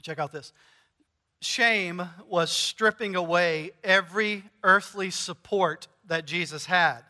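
A man's voice: high-pitched, takes it slowly, pushed and bright, big-room sound. A male pastor preaching a sermon in an earnest, emphatic way, repeating key phrases.

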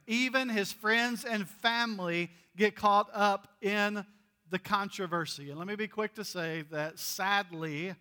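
Male pastor, chatty and joking sermon delivery with scripture reading; high, bright voice. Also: big-room sound. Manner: conversational, joking, animated Bible reading.

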